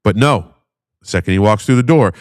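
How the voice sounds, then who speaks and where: A man's voice: fairly low pitch, animated, brisk, no echo, studio quality. A man ranting heatedly in a debate, combative and full of profanity.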